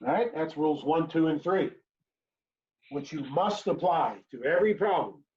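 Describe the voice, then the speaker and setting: A man's voice: fairly high pitch, animated, normal speed, a little mellow. A man teaching an introductory chemistry lecture, repeating key phrases and checking in with "right?" as he works through examples. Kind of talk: recorded online lecture. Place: home or classroom during remote teaching. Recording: dull lo-fi lecture recording.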